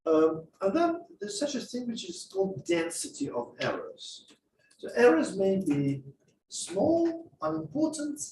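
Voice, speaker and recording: A man leads a masterclass on speaking, explaining points and acting out examples with a voice that swings widely in pitch and sits a little high. He is picked up from some distance in an echoey room. Faint background noise hums under him. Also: a little slow. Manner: lively, explanatory, acts out examples. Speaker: speaking skills trainer. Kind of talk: masterclass lecture. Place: classroom or lecture hall.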